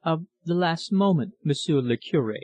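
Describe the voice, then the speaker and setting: A man's voice: on the high side, lively intonation, a little slow, darkish tone, pitched above the performer's own voice. A man voicing a frail, dying old woman who speaks in a fearful, trembling way.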